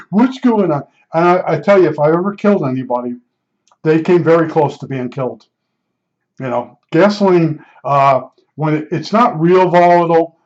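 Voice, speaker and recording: A man's voice: a little high, a little mellow. An older man telling a personal story in a casual, rambling way, blunt and emphatic, often repeating himself. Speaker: podcast storyteller. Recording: slightly dull lo-fi recording.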